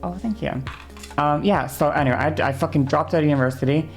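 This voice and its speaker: Gravelly-voiced young woman ranting heatedly. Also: low-pitched, fast, faint music behind. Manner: heated ranting storyteller, swears, keeps checking in with okay. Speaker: streamer. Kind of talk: casual stream chat.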